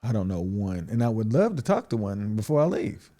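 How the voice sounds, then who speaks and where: A man's voice: on the low side, very animated, fairly quick, mellow. A man co-hosting a podcast, speaking hesitantly, questioning points and trailing off in a casual debate.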